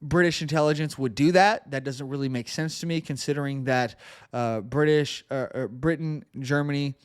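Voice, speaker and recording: A man's voice: mid-range voice, steady tone, moderate pace, smooth, dry recording, clean studio sound. A male podcast host giving earnest political commentary, often repeating words as he presses a point.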